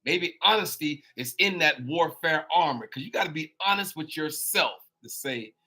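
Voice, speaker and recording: A man's voice: a little high, animated, moderate pace, bright, forceful tone. A man hosting his own daily live show, preaching in an informal way. He repeats words and calls his listeners y'all. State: on a crutch with a swollen knee. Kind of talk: preacher-style live monologue.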